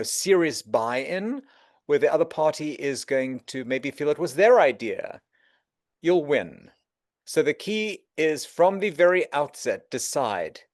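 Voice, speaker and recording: Guest: animated man, slightly higher voice, close dry mic, tells stories with voiced quotes. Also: dry recording. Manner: animated storyteller, acts out quotes. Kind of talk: conversational interview.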